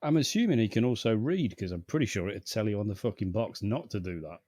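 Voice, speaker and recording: A man's voice: on the low side, lively intonation, fast talker, mellow, no room sound, clean studio sound. A man co-hosting a podcast, riffing sarcastically with lots of swearing and laughs. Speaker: podcast co-host. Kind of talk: casual chat.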